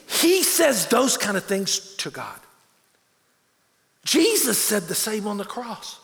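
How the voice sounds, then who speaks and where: A man's voice: high-pitched, very animated, slow, gravelly, pauses often, a bit bright, long reverb tail. A man preaching a sermon as a pastor, earnest, repeating words as he presses his points.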